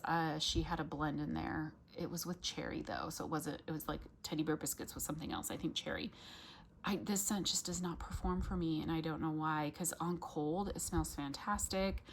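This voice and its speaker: A woman with a somewhat low voice talks through a casual review, chatty and relaxed. Her sentences keep picking up ums and likes, and she often stops to correct herself. A faint hiss of noise sits underneath. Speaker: vlogger. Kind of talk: casual product review chat.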